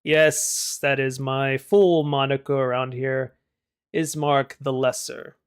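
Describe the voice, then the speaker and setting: A tired but courteous young male village leader, as a game master puts him on in a live tabletop game. He speaks in formal, measured phrases, carrying himself with quiet dignity. The voice is smooth and clear and sits somewhat high for a man. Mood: wry. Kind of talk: tabletop role-play.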